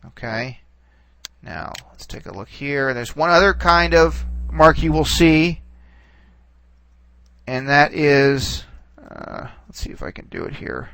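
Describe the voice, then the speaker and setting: A man with a somewhat high voice teaches a recorded lesson in a relaxed, reassuring way. He stumbles, repeats words and keeps checking in with "okay." The sound is dry, with no room echo. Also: gravelly, clean tone. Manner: halting, full of restarts and "okay"s. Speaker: Greek teacher. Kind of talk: recorded classroom lecture.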